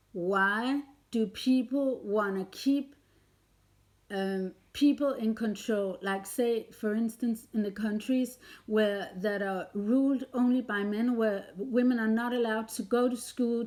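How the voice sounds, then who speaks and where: A woman's voice: a little high, slow, a little mellow. A woman vlogger delivering a heated, confrontational rant straight at her listener, swearing often. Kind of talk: angry direct-to-camera rant.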